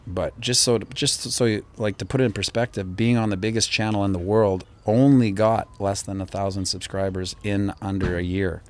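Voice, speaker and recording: Male streamer host, lowish voice, casual and rambling, answers viewer comments live. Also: moderate pace, hardly any pauses. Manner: relaxed and rambling, with frequent fillers and restarts. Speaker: crypto channel host.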